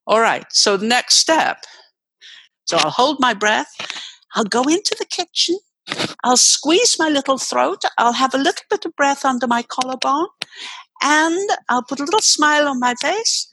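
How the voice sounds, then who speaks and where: An older woman voice teacher, explaining expressively as a guest, swooping her pitch to demonstrate. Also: lively intonation, normal speed, sharp tone, slight background noise, poor audio. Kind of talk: explanatory interview talk.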